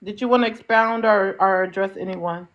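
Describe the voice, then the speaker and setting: A woman hosting a live panel, giving brisk, direct instructions to the guests. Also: mid-range voice, fairly even intonation, dull audio. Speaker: panel host.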